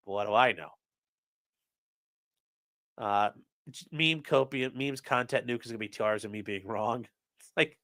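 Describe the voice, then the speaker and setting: A man's voice: medium pitch, moderate pace, long pauses, bright, forceful tone, dry recording, clean studio sound. A young man, a streamer and trial lawyer, chatting casually on a live stream, rambling, swearing and reading chat aloud.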